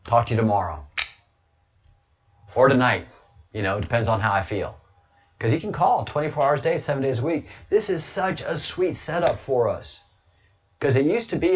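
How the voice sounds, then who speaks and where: A man's voice: on the high side, expressive, brisk, breathy edge. A man chatting casually as a guest, rambling and joking with many restarts, and sometimes boastful and provocative. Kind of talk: casual chat. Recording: dull lo-fi audio.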